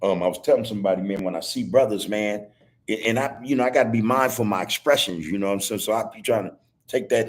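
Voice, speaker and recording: A man's voice: fairly low pitch, fast talker. A middle-aged man hosting a podcast over a video call, talking in a loose, repetitive street style and saying "man" constantly. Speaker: podcast host. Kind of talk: casual heartfelt talk on a video call.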